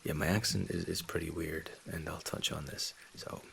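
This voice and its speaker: An ASMR channel host in his thirties, English-born and raised in Scotland, answers viewer questions in a soft-spoken, easygoing hush, often slipping into whispers. His very low, gravelly voice has heavy creaky fry, a level tone, and a moderate pace. He sits close to a USB condenser mic at home, with slight background noise.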